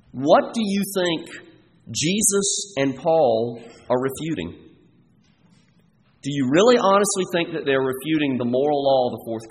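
A man preaching a sermon as pastor in a church, earnest and pressing his listeners with repeated rhetorical questions. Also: fairly high pitch. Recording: long hall reverb, faint background noise.

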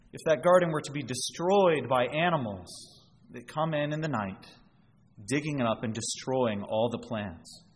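A man preaching a sermon, explaining scripture verse by verse and drawing out everyday examples. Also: fairly high pitch. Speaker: pastor. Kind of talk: expository sermon. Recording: long reverb, faint background noise.

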